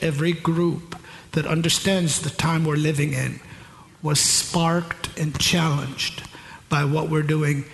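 A man's voice: a little high, creaky, slight background noise. A middle-aged male pastor preaching a sermon in a large church hall, asking the congregation rhetorical questions and answering them himself. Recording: echoey hall with long reverb.

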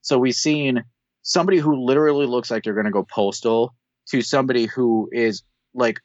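A man's voice: medium pitch, brisk, a little mellow, no room sound. Man on a dull, dry mic. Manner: rambling, many fillers and restarts. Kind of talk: casual TV episode discussion.

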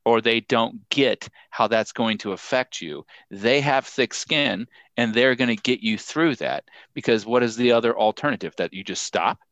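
A man co-hosting a casual podcast chat. He talks in an animated way and jumps into acted-out reactions. The sound is dry and close, with no room in it. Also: moderate pace, few pauses, no room sound. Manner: animated, acts out quoted reactions with sudden high-pitched outbursts, laughs often. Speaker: podcast co-host. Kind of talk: casual conversation.

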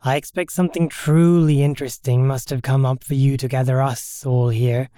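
A man voicing a weary, aloof man in his thirties who speaks slowly and with dry impatience. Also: mid-range voice, little pitch movement, dark tone, smooth, no room sound, lightly acted. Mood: impatient.

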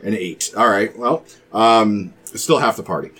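A man's voice: lowish voice, moderate pace, fairly bright tone, breathy edge. A man narrating a tabletop game as game master, hesitant and full of fillers.

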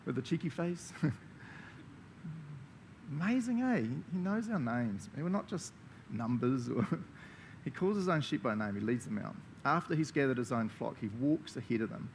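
A man's voice: medium pitch, sing-song, moderate pace, slight background noise. A man with a New Zealand accent preaching a conversational sermon, enthusiastic and chatty, laughing often as he talks. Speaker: pastor.

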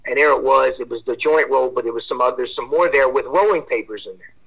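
A man's voice: medium pitch, fast talker, vocal fry, fairly bright tone, husky, rough recording. A man in his forties, a podcast guest, telling a rambling, profane story in casual chat.

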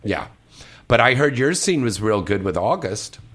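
A man's voice: mid-range voice, sing-song, moderate pace, background noise. Joking talk show host man. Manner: joking, teasing, loose. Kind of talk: casual talk show chat.

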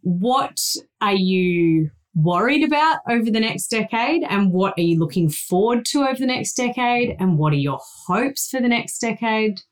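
A woman's voice: fairly high pitch, expressive, normal speed. A woman hosting a parenting podcast, interviewing casually with a wry tone. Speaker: podcast host.

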